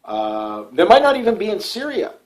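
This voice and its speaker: A man's voice: high-pitched, huge pitch swings, moderate pace, poor audio. A middle-aged man delivering a casual political monologue to his channel, rambling and repetitive with frequent restarts. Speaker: political YouTuber.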